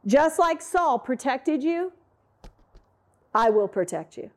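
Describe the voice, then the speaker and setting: A woman playing a defiant young king, fiery and emphatic, in a retold Bible story. He is high-voiced and talks in bold, punchy bursts. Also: takes it slowly, full character voice. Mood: earnest. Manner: emphatic, lively retelling.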